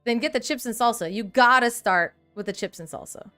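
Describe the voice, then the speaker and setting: Chatty woman with a smooth, higher voice. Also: fairly quick, soft background music. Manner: animated, chatty, reads chat aloud, laughs often. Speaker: livestream host. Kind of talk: casual livestream chat.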